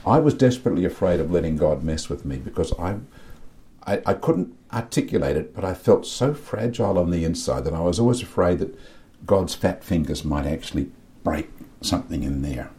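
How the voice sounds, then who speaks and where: A man's voice: low voice, animated, brisk, mellow. A middle-aged man talking candidly about faith and his inner life, earnest and confessional, often repeating words as he searches for them. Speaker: podcast guest.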